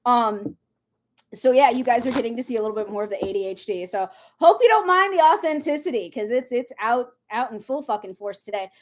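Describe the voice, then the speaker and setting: A woman from Minnesota, reading tarot in a casual livestream and rambling off on lively side tangents. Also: a little high, brisk, a little hiss or hum. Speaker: tarot reader.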